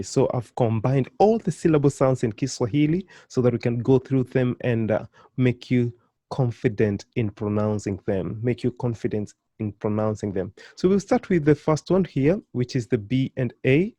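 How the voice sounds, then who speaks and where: A man teaching a beginner pronunciation lesson, drilling syllables slowly and encouraging the learner. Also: medium pitch, dark tone, no echo, studio quality. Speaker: language teacher.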